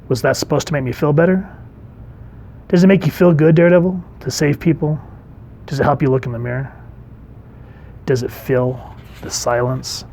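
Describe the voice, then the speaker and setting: A man's voice: fairly high pitch, fairly even intonation, moderate pace, long pauses, warm tone, slight background noise, natural voice. Mocking comic villain, as a man reads him out. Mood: taunting. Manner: reading comic dialogue aloud, mocking questions.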